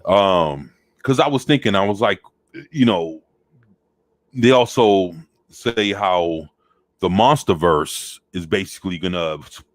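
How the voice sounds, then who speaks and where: A deep-voiced man chats easily on a podcast, calling out viewers by name. His voice sits very low. The sound is dry and close. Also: slow pace, no echo. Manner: laid-back, greets chat viewers by name. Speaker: podcast co-host. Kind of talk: casual chat.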